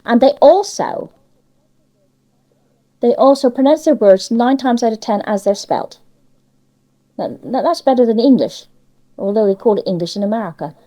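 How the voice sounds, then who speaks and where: A woman's voice: on the high side, lively intonation, moderate pace, pauses often, mellow, poor audio. An older woman with a Cornish accent, chatting in an interview and giving emphatic opinions. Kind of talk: casual conversation.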